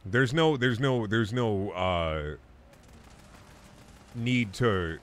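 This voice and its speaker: This young gamer's voice sits on the low side, and he draws out his words. He mutters asides as he plays and jokes crudely with his chat in a laid-back stream.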